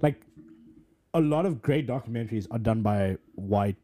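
A man's voice: fairly low pitch, lively intonation, normal speed, dark tone. A young man co-hosting a podcast, rambling through casual chat with lots of fillers. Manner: rambling, filler-heavy, laughs easily. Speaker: podcast co-host.

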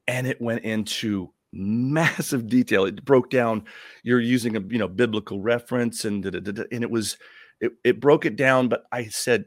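A man guest who does stand-up comedy, chatting casually in a rambling, animated way. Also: medium pitch, moderate pace, no room sound, studio quality. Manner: rambling, animated storyteller, laughs often. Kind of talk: casual chat.

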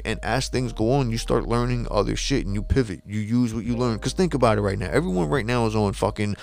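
A man, talking casually and rambling, swearing a lot and losing his train of thought. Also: medium pitch. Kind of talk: casual monologue.

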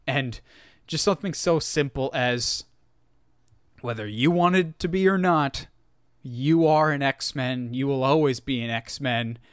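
A man co-hosting a casual podcast, retelling scenes in an animated way and acting out the lines. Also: mid-range voice, takes it slowly, smooth, no room sound, studio quality. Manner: animated storytelling, acts out quotes. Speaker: podcast co-host. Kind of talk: casual chat.

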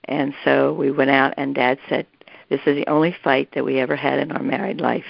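Older woman, gravelly voice, rambling family storytelling, many restarts, dry muffled recording. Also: extremely low pitch, level tone, a little fast, dry recording. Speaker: interviewee recalling family history. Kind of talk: casual storytelling.

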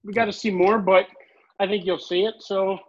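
A man's voice: high voice, flat delivery, normal speed. A man co-hosting a sports podcast, chatting in an upbeat, joking way. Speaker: podcast co-host. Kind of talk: casual sports chat. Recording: dull lo-fi line.

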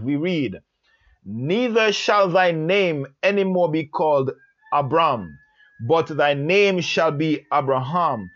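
A man teaching a Bible study lesson on a Hebrew letter, speaking slowly and emphatically and repeating phrases for stress. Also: high-pitched, sharp tone, lo-fi sound.

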